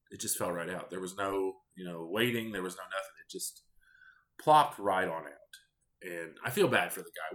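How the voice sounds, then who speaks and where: A man with a fairly low voice tells offhand stories in a loose, rambling way. His pitch rises and falls a lot as he goes. He sounds deadpan and candid, a podcast host in his thirties. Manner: candid, rambling, deadpan about odd customers. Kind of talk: casual storytelling monologue.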